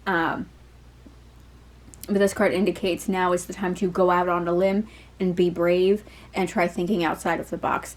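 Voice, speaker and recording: A woman's voice: lowish voice, a little mellow, low-quality recording. Chatty, rambling woman reading tarot. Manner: rambling, digressive, peppered with fillers and swearing. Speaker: tarot reader.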